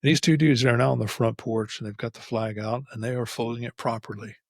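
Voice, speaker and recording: A middle-aged man talks straight to the camera in an unscripted solo podcast, with a husky, slightly breathy voice. He rambles candidly through stories, often restarting his sentences. The sound is close and dry, with no room around it. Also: mid-range voice, fairly even intonation, a little fast, no echo. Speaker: podcast host. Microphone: facing camera, close mic.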